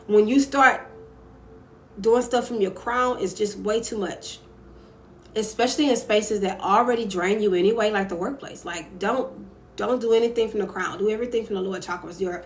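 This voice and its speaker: A woman's voice: medium pitch, moderate pace, slight background noise. Candid woman hosting a live stream. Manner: candid, emphatic, reads viewer comments aloud. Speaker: live-stream host giving advice. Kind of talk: casual live-stream advice talk.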